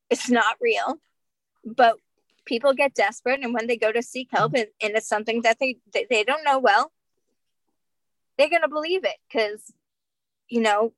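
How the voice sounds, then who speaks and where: A woman's voice: fairly high pitch, dry recording, poor audio. A woman, a spirit medium on a podcast, telling a story in a casual, chatty way full of "like" and "um". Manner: chatty, filler-heavy with frequent "like" and "um".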